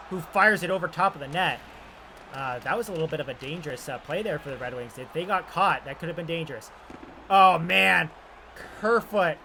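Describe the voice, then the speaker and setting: A young man calls hockey action from his own video game, with a bright, slightly high voice that rises sharply when a shot goes in. Between plays he drops into relaxed, chatty asides. A faint hiss of noise sits behind him. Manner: excited and loud on shots and scoring chances, calmer asides between plays. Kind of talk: play-by-play commentary.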